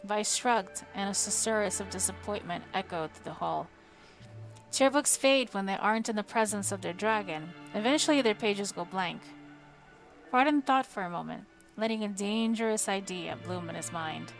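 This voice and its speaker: A woman reads a fantasy novel aloud for her live stream, measured and dramatic. Faint music plays quietly behind her voice. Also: medium pitch. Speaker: audiobook reader on a live stream. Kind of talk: audiobook narration. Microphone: home streaming microphone.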